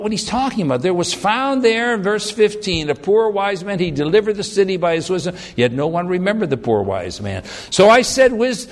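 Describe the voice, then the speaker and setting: A man teaching a conversational sermon, telling stories in a folksy, rambling way with frequent restarts. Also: mid-range voice. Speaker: Bible teacher. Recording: long hall reverb.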